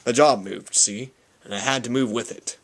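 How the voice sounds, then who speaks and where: A man's voice: mid-range voice, fairly even intonation, moderate pace, lightly acted. A man voicing a mild, doubtful, ordinary middle-aged husband in an audiobook reading. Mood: mild puzzlement.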